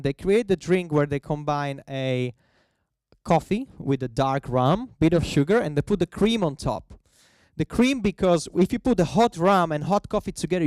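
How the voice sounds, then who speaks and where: A man giving a festival talk on the history of coffee cocktails, telling it as a lively story in non-native English. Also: on the high side, clean tone, no room sound. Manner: lively storyteller who acts out quoted voices.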